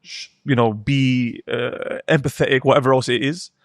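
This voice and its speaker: A man's voice: mid-range voice, fairly even intonation, normal speed, dry recording. Thoughtful, hesitant man, dry sound. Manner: thoughtful, hesitant, restarts often. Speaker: podcast co-host. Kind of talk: casual chat.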